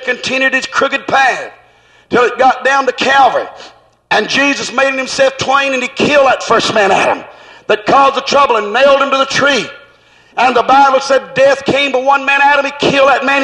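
A man preaching a sermon in a fervent, rhythmic way, at times breaking into shouts. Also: very high-pitched, long reverb tail, rough recording.

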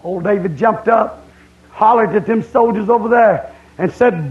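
A man's voice: high-pitched, unhurried, phone-quality sound. A man preaching a camp-meeting sermon, emphatic and repeating his points.

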